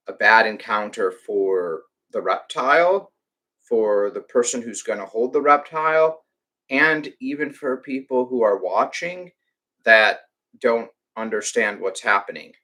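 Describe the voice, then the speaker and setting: A man's voice: lowish voice, measured pace, pushed and bright. A man who runs a reptile rescue, chatting on a live stream and ranting with lots of restarts and filler words. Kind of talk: casual live-stream chat.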